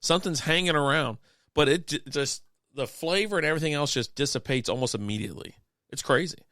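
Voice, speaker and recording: A man's voice: a little high, fast talker, sharp tone, no echo, clean studio sound. A man chatting casually as co-host of a beer and sports stream, rambling through profane stories with frequent laughs while sick with a cough. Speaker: podcast co-host.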